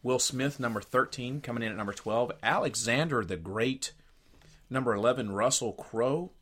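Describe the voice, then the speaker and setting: A man's voice: medium pitch, moderate pace, a bit bright, husky. A man co-hosting a radio podcast in casual chat, rambling a bit and reading quotes aloud from his notes. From United States. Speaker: podcast co-host.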